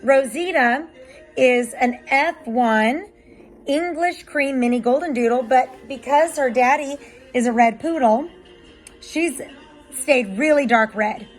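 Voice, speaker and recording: Woman dog breeder, casual explainer, fairly high voice, soft music bed underneath. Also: takes it slowly, rough recording. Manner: chatty and explanatory, with filler ums. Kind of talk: casual vlog narration.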